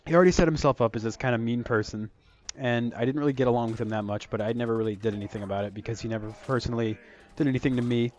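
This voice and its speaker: A man's voice: medium pitch, darkish tone. Young man rambling through a storytime. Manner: rambling, filler-heavy, swears freely. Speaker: storytelling vlogger. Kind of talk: casual storytime narration. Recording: dull lo-fi recording.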